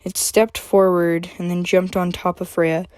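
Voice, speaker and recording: A woman's voice: lowish voice, flat delivery, measured pace, darkish tone, no echo. Woman reading her own story aloud. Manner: chatty intro with fillers, then plain reading.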